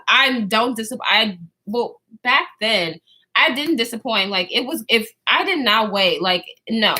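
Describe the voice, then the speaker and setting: A young woman chats straight to her viewers in a high, bright voice that swoops up and down as she tells her story. She talks casually and slangily, swears freely, and often breaks off mid-sentence to start again. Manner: animated, slangy, swears freely, trails off and restarts. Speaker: vlogger telling a story.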